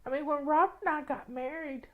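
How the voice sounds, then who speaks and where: Her voice sits high and her tone stays steady at a normal speed as she hosts a casual livestream and reads comments. Tearful and sniffly, she rambles warmly with many restarts and laughs; the sound is phone quality.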